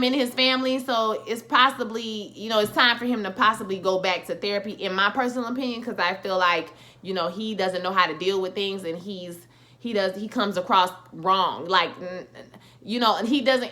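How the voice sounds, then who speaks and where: Chatty woman with a bright voice. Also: medium pitch. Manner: chatty retelling full of slang and fillers. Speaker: TV episode recap reviewer. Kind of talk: casual spoken recap and review.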